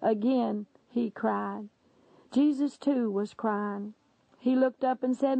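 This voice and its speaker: A woman's voice: on the high side, slow pace, gravelly, dry recording. A woman reading a religious testimony aloud in an earnest, solemn, dramatic way. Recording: dull lo-fi dry recording.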